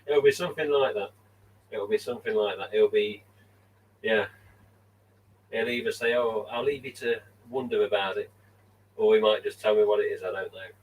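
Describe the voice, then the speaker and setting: Guy rambling on a home live stream, swears a bit, lowish voice. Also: fairly even intonation, normal speed, long pauses, far from the mic, a little hiss or hum, poor audio. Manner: rambling, chatty, swears casually. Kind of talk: casual live stream chat. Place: room at home with mask collection.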